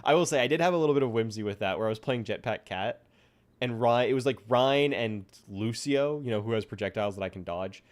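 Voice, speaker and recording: A man's voice: mid-range voice, quick pace. A man streaming live as a VTuber, chatting casually and rambling playfully to himself while he draws.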